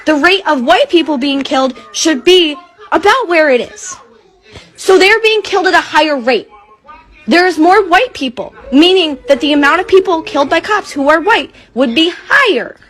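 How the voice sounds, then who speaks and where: Woman, very high and lively voice, confrontational, keeps pressing questions in a heated argument. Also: normal speed.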